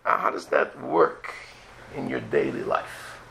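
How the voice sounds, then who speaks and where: A man's voice: very deep voice, sing-song, a little slow, vocal fry, bright, forceful tone, slight background noise, rough recording. A man, a rabbi, giving a religious lecture full of rhetorical questions and acted-out prayers.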